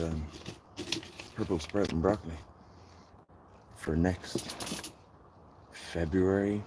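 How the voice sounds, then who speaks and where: Deep-voiced Dublin man chatting live. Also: background noise. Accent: Dublin Irish. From Ireland. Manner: chatty, rambling, talks to his viewers while working. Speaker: gardening channel host. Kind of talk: casual live-stream chat. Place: garden.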